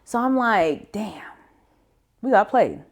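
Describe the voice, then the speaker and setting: A woman's voice: on the low side, big pitch swings, fairly quick. A woman co-hosting a podcast in casual chat, given to dry, blunt complaints. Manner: dry, blunt complaints, sing-song emphasis. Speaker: podcast co-host.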